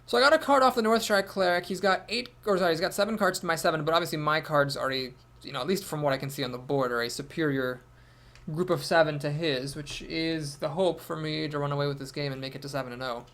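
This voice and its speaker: A man's voice: a little high, fast, fairly bright tone. A man thinking aloud as he commentates his own card game, with wry asides. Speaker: gameplay commentator.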